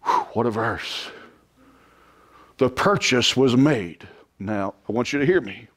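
A man preaching a sermon as pastor, swinging from quiet, drawn-out lines to loud shouted climaxes. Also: medium pitch, expressive. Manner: impassioned preaching, rising to shouts.

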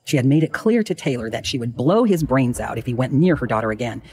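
A man narrating a true crime drama in a measured, dramatic storytelling manner. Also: medium pitch, lively intonation, a little mellow, slight background noise.

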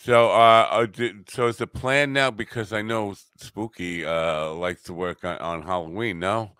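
A man with a very low, bright and smooth voice hosts a podcast interview. He stumbles through his questions and answers with quick affirmations, all on a dry, close mic. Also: no echo. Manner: hesitant questions, quick encouraging replies. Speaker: podcast host. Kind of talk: casual interview.

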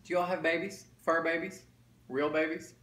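A man's voice: on the high side, level tone, moderate pace, a bit bright. A man chatting casually to viewers while eating, folksy and talkative. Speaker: mukbang vlogger. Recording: roomy echo, faint background noise.

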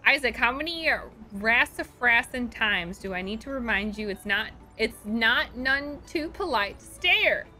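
Brief: woman putting on a folksy old farmer, friendly drawl, higher and bright. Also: very animated, quick pace, hardly any pauses, faint music behind. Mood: scolding. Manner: drawling, with rustic slang.

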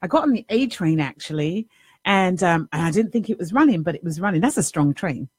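A middle-aged woman life coach telling a personal story in a lively, repetitive way, often tossing in a rhetorical "right?". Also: on the low side, a little fast, slightly rough, no echo, clean studio sound. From New York City. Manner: animated, repeats herself, rhetorical "right?" asides.

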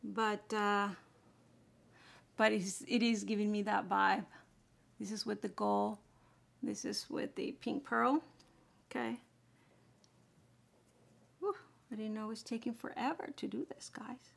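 A woman's voice: mid-range voice, fairly even intonation, measured pace, gravelly, long pauses. A woman chatting casually through a makeup tutorial, explaining each step as she applies it. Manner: chatty, explaining steps while applying makeup. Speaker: beauty vlogger.

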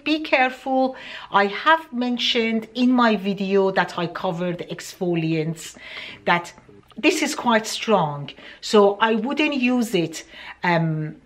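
Give me an accented woman reviewing skincare in a slow, chatty, sing-song way. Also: mid-range voice. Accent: non-native English accent. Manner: chatty and deliberate, many ums. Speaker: beauty vlogger. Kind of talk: product review vlog.

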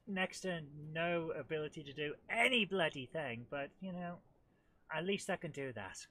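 A woman with a head cold, hosting a live let's-play and chatting excitably to the game, often laughing. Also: low-pitched, normal speed, no echo. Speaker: host of a retro gaming channel.

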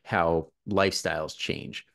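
A man hosting a podcast, laid-back and quick to laugh, asking follow-up questions in casual chat. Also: low voice, steady tone, a bit bright. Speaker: podcast host.

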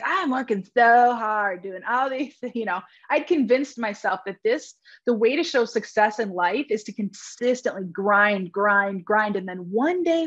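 A woman in her thirties, a real estate agent and podcast guest, candidly telling her own story with quick asides and self-deprecating humor. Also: mid-range voice, dull audio.

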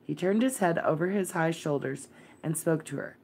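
Woman storyteller, deep voice, calm measured bedtime narration. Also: gravelly, slight background noise. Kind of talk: bedtime read-aloud of a classic novel.

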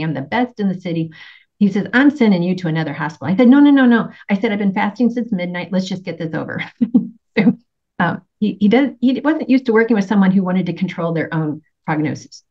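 A woman's voice: fairly low pitch, expressive, fast talker. A middle-aged woman giving a casual health talk with slides, telling her story in a chatty way, laughing often and acting out quotes. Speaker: nutritionist presenter. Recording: slightly dull lo-fi sound.

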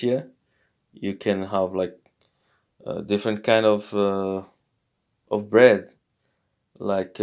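A man with a lowish voice walks through a casual lesson at a very slow, unhurried pace. He thinks aloud as he goes, halting often, and sounds out each foreign word slowly and carefully. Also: a little mellow. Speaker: language learner teaching a lesson. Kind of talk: casual screen-recorded lesson.

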